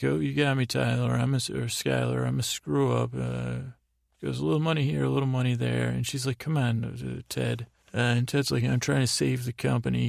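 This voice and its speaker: Guy with a gravelly voice mumbling through a show recap, wanders off mid thought, close dry mic. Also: mid-range voice, no echo. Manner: meandering, trailing off, paraphrasing scenes in a flat tone. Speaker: podcast host. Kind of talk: rambling sleep podcast recap.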